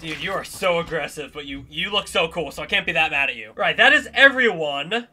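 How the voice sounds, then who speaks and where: A young man calls out over a horror game, yelping and talking straight to the monsters chasing him. His voice sits high and sounds very bright. A faint ambient hiss runs underneath. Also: lively intonation, brisk. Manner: jumpy, exclaiming, talks to the monsters. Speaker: gaming YouTuber. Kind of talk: live gameplay commentary.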